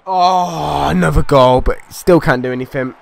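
A man giving gameplay commentary as a video creator, ranting in exasperation with loud outbursts and swearing. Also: a little high, normal speed, gravelly.

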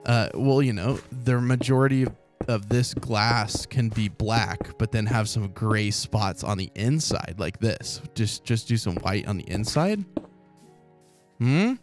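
A man talking through a building game at his desk in an ordinary, mid-range voice. His commentary is casual and rambling as he thinks aloud, upbeat and chatty, with soft calm music playing faintly underneath. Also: medium pitch. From Oklahoma, US. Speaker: let's play host. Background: faint calm background music.

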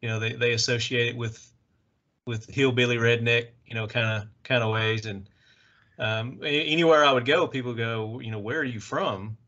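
A man with a Southern Tennessee accent hosting a casual podcast interview and asking relaxed follow-up questions. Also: mid-range voice, normal speed. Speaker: podcast host. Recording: lo-fi dull audio.

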